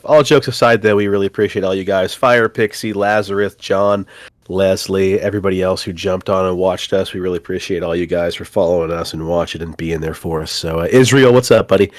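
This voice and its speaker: A man's voice: low voice, no echo, studio quality. Stuffed-up nasal podcast man. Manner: laid-back, jokey, swears casually. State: congested from a cold. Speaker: podcast co-host. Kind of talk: casual chat.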